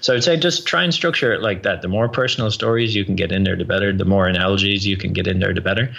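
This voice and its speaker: A man's voice: sits low, fast, gravelly, muffled recording, a little hiss or hum. An Irish man, a guest on a podcast interview, energetically explaining advice on public speaking. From Ireland. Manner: energetic, explanatory, drops into quoted voices.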